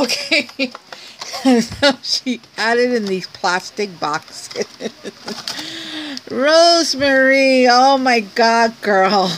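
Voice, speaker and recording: A woman vlogger with a slightly high voice unboxes a gift package at home at night, with background noise. Excited and gushing, she laughs a lot and exclaims over each item as she shows it to her viewers.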